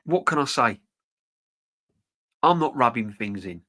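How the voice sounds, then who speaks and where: A man's voice: medium pitch, lively intonation, unhurried, pushed and bright. A middle-aged man, rambling frankly as he chats with viewers on a live football stream. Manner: rambling, frank, chatty with restarts. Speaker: football channel host reading live chat. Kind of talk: casual live-stream chat.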